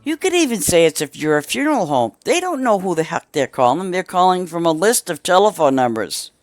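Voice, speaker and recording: A woman's voice: on the low side, very animated, a little fast, music in the background. A middle-aged woman streaming a game, chatting casually in a rambling way with many restarts and asides.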